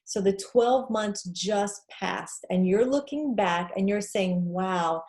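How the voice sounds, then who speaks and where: A woman's voice: mid-range voice, slow pace, a little mellow. A woman presenting an online talk, speaking in an encouraging, conversational way with many fillers, through a computer mic on a video call.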